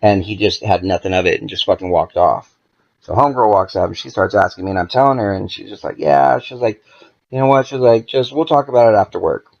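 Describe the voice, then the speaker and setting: A man's voice: on the low side, fast talker, vocal fry, muffled recording. A man, a podcast guest, telling a story in a casual, profane way and acting out the dialogue as he goes. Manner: profane, animated, acts out quoted dialogue.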